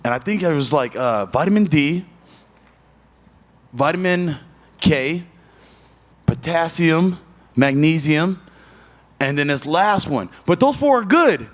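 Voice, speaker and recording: A man's voice: expressive, slow pace, long pauses. A man who fights professionally, answering questions in a casual interview, telling stories with a lot of swearing and rambling. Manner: profane, rambling storyteller; jumps high in pitch when telling a story. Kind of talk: casual media day interview.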